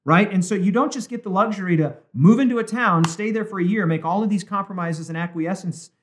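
Emphatic high-voiced male pastor. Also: slight background noise. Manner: emphatic, slows down to stress quoted words. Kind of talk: Bible study discussion.

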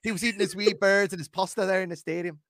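A man's voice: high-pitched, steady tone, a bit bright, no echo, pitched above the performer's own voice. Brief: man doing a hammy, jokey Irish brogue, teasing, bad on purpose. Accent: put-on Irish. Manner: jokey, deliberately bad accent.

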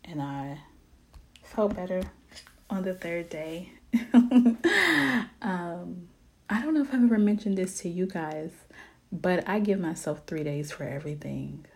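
Woman just talking faith w her viewers, kinda low voice, real slow, earnest, gets whispery then perks up loud. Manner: earnest, slips into soft near-whispers, bursts of lively emphasis. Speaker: vlogger sharing her faith. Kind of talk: casual heartfelt faith chat. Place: home in Ohio.

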